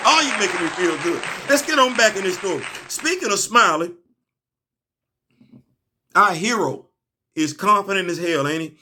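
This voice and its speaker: A young man, excitedly reviewing a comic in a casual, slangy monologue, laughing and stumbling over restarts. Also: high voice, moderate pace, pauses often, a crowd in the background, noisy background.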